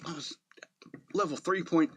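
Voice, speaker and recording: A man's voice: on the high side, fairly even intonation, moderate pace, a bit bright, husky, pitched above the performer's own voice. A man voicing an exasperated younger brother with a whiny tone. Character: fed-up younger brother, boy.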